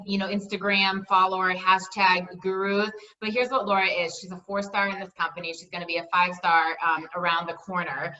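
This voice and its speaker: Woman team leader on a call, upbeat and chatty, bright voice, slightly far and dull audio. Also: mid-range voice. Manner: enthusiastic, chatty, peppered with "like" and "right?".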